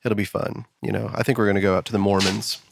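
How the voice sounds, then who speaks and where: A man hosting a podcast in casual chat, rambling and quick as he tells jokes. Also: lowish voice, flat delivery, vocal fry, noisy background. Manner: rambling, quick joke-telling. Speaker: podcast host. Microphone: studio mic.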